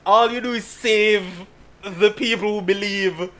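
A man from Jamaica, chatting casually and telling stories in an animated way, laughing often. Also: sits high, measured pace. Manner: animated storytelling with frequent laughs. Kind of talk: casual chat.

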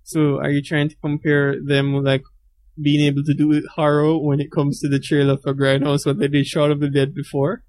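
A man's voice: a little high, completely flat delivery, moderate pace, a little mellow. A man co-hosting a casual film podcast, chatting loosely and repeating words when he gets stuck. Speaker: podcast co-host.

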